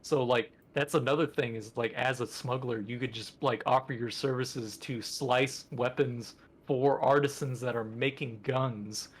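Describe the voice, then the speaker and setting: Guy rambling excitedly on a podcast, lots of "like"s, casual chat. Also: mid-range voice, measured pace, hardly any pauses, slightly rough. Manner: rambling and enthusiastic, many fillers. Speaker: podcast co-host.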